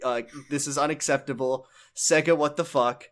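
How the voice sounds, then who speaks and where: A man co-hosting a podcast, retelling a game story in casual comedic chat and acting out the characters' lines with big jumps in pitch. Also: steady tone, moderate pace, a bit bright. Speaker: podcast co-host.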